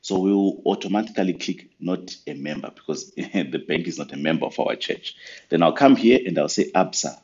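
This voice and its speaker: Deep-voiced guy explaining software step by step, kinda dull lo-fi sound. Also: animated, fairly quick. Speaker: software trainer. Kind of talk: screen-recorded software tutorial.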